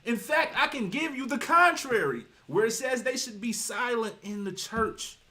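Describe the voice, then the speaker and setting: A man's voice: very high-pitched, lively intonation, normal speed, sharp tone. A man giving casual livestream commentary with a preachy, emphatic, rambling delivery that keeps citing scripture. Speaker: streamer commenting on reaction videos.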